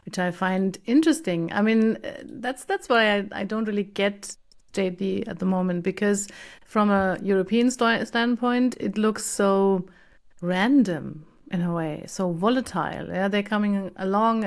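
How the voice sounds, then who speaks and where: A woman's voice: mid-range voice, normal speed, vocal fry. A woman hosting an interview podcast, thinking aloud with many fillers as she asks questions. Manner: thoughtful, hesitant with many fillers. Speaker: podcast host. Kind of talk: conversational interview.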